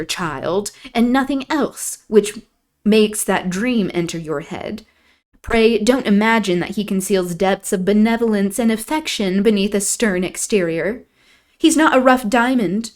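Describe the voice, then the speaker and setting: A woman reading aloud, voicing a proud, sharp-tongued young lady of the house in a raised, emphatic voice. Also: mid-range voice, close to an everyday voice. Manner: scornful, emphatic.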